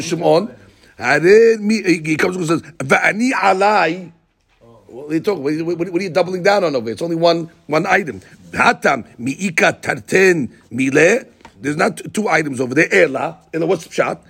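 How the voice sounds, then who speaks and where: A man's voice: sits high, creaky, breathy edge. A man teaching a Talmud study lesson, explaining the text line by line and acting out the speakers' words.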